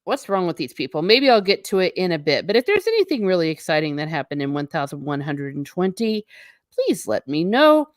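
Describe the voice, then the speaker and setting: A woman hosting a casual livestream, talking excitedly and chatting with viewers. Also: fairly low pitch, brisk, no room sound, clean studio sound. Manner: animated, exclaiming, talks to chat. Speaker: livestream host.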